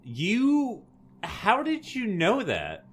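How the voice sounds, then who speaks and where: A man's voice: sits high, huge pitch swings, drawn-out words, husky. A man co-hosting a podcast in casual chat, reacting with playful interjections. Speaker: podcast co-host.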